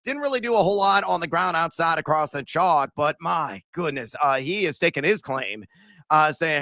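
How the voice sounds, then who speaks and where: A man hosting a sports betting podcast, animated and self-mocking, bursting into shouts as he runs through his picks. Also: a little high, moderate pace, no echo. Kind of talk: excitable betting picks chat.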